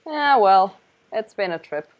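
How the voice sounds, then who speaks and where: A woman's voice: mid-range voice, expressive, unhurried, highs cut off. A woman hosting an art stream who chats casually and easily while she draws, and makes light of herself. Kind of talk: casual chat while drawing.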